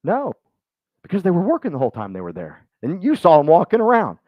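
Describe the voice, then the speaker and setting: A man speaking to a live group at a business meeting, joking and acting out quick voices as he goes. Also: high-pitched, wildly swooping pitch, no room sound, lo-fi sound. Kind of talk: motivational talk to a live group.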